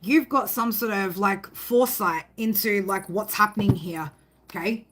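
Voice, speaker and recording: Heavy background noise surrounds a woman speaking at normal speed in a mid-range voice. As a tarot reader doing a casual spoken reading, she rambles emphatically, swears freely and often closes her sentences with "right?".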